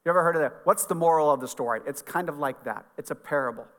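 A man's voice: a little high, fast, a bit bright, in a large hall. A middle-aged man, a pastor, giving an earnest, conversational sermon in a church sanctuary.

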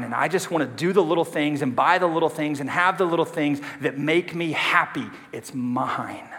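A male pastor delivers a sermon in a relaxed, conversational way, poking fun at himself and tossing questions out to the congregation. His voice sits a little high for a man. The sound carries a long reverb, as if from a large sanctuary. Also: normal speed, few pauses. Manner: conversational, self-deprecating, asks the congregation questions. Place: church sanctuary.

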